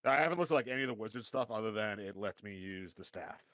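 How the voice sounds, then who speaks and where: A man's voice: fairly low pitch, expressive, fast talker, fairly bright tone, dry recording. A man playing a tabletop game, easygoing and hedging as he talks it through. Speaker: player. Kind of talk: casual tabletop game chat. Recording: dull lo-fi mic.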